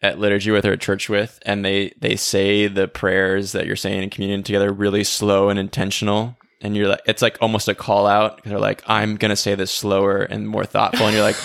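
A man with a low, gravelly voice co-hosts a podcast in easy conversational talk. He leans on "like" and "right?" as he explains his ideas. The sound is dry and close-miked. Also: monotone, a little fast, few pauses, fairly bright tone, no room sound. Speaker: podcast co-host. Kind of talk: casual faith discussion.

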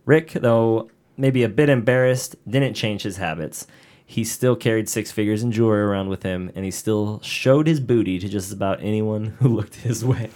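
A man's voice: lowish voice, normal speed, darkish tone. A man co-hosting a casual podcast, reading out a story with joking asides. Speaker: podcast co-host narrating a case. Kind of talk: casual podcast chat with read narration.

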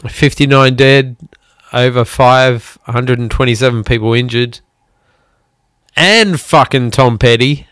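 An angry podcast monologue from a musician host, a man from outside the U.S., whose mid-range voice has a fairly bright tone. He speaks bluntly, swears a lot, and lets out heavy sighs in the pauses. There's no room sound, and the recording is studio quality.

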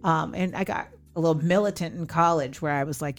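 Reflective woman podcast host, lowish voice. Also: fairly even intonation, fast, hardly any pauses, soft background music. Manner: reflective, candid, acts out remembered dialogue. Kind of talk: personal storytelling in an interview.

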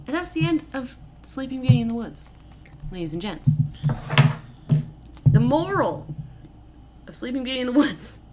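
A woman's voice: sits high, normal speed, pauses often, noisy background. A woman co-hosting a podcast, retelling a fairy tale in a casual, comedic way with lots of swearing and filler. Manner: animated, swearing, frequent "like" and "basically".

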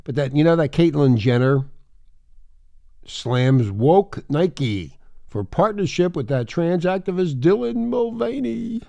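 A man's voice: on the high side, animated, takes it slowly, gravelly, warm tone, no echo. A man hosting a shock talk radio show, ranting in a crude, rambling, mocking way with lots of swearing.

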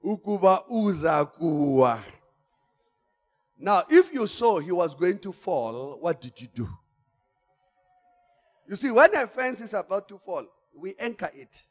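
A man preaching a sermon, swinging from quiet asides to shouted exhortation. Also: high voice, very animated, measured pace, long pauses. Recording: long church-hall reverb.

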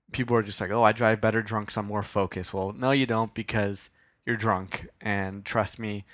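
A man's voice: on the low side, a bit bright, no echo, clean studio sound. A young man hosting a solo podcast in a casual, rambling, self-deprecating way, swearing now and then. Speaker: podcast host.

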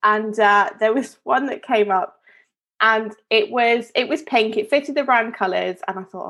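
A woman from Devon co-hosts a relaxed podcast chat. She tells stories with plenty of ums, little restarts and self-corrections. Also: a little high, measured pace. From Devon, England. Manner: chatty storyteller with many fillers and restarts. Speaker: podcast co-host. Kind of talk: casual chat.

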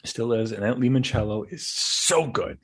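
A young man hosting a podcast, telling casual stories in a rambling, animated way with frequent restarts. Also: medium pitch, moderate pace, breathy edge. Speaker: podcast host. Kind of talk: casual monologue.

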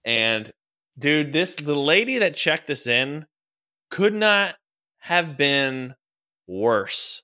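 A young man chatting casually, telling a story with lots of swearing and quick impressions of people he quotes. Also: a little high, big pitch swings, pushed and bright. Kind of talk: casual podcast chat.

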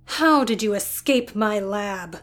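A woman's voice: medium pitch, animated, slow, a little hiss or hum. Prim, irritable storybook scientist, a woman narrator putting her on. Clipped, indignant delivery, slightly raised.

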